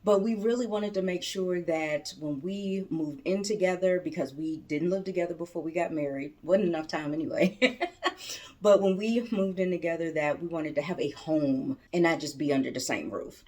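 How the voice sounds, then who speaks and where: A woman's voice: on the low side, moderate pace, dark tone. Chatty woman vlogger, laughing often. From Maryland, suburbs of Washington DC. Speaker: vlogger, business coach. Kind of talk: casual talk to camera.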